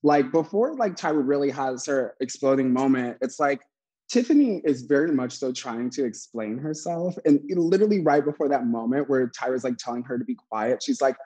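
A man's voice: mid-range voice, animated, a little fast, mellow, slightly rough, poor audio. A man hosting a podcast as a drag performer, telling stories in chatty, casual talk and laughing often. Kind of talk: casual chat recapping a TV show.

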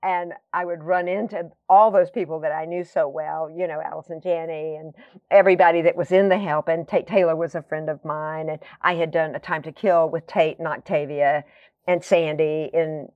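A woman's voice: sits low, fairly even intonation, moderate pace, no echo, phone-quality sound. A woman guest telling long, rambling stories in casual conversation, full of fillers and tangents. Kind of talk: conversational storytelling.

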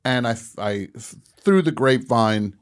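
A man hosting a radio show, telling a comic story in a casual, animated way and laughing at his own punchlines. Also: mid-range voice, takes it slowly.

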